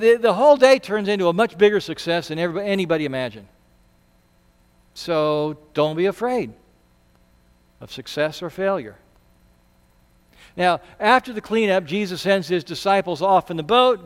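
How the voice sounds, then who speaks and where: A man preaching a Sunday sermon as pastor, talking conversationally and acting out quotes with sudden loud bursts. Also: high-pitched, smooth. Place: church sanctuary. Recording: long hall reverb.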